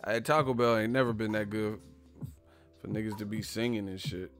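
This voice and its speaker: A man hosting a video, ranting in a profane, animated, joking way. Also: lowish voice, normal speed, faint music behind. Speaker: video host. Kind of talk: casual comedic rant.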